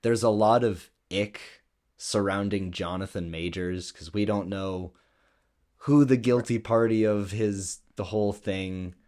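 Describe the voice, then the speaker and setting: Male podcast co-host; very low voice; easygoing casual chat with frequent chuckles. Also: fairly even intonation, measured pace, darkish tone. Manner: laid-back, chuckles often.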